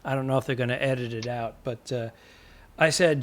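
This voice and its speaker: A man co-hosting a comedy podcast, talking in a deadpan, rambling way over a remote call. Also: medium pitch, a little fast. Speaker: podcast co-host. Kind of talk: casual comedic banter. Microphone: remote call with own microphone.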